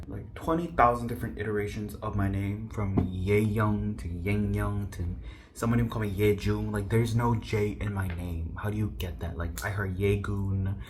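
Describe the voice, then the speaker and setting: Young man vlogging, low voice, faint room hum, chatty self-mocking story. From South Korea. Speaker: YouTuber. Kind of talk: casual storytelling to camera.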